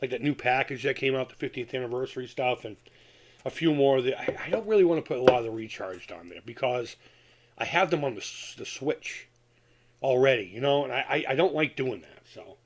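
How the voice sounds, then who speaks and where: A man's voice: mid-range voice, animated, fairly quick. A man hosting a casual live stream from home, rambling and swearing as he reads chat aloud and works on a craft project. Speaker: retro gaming channel host.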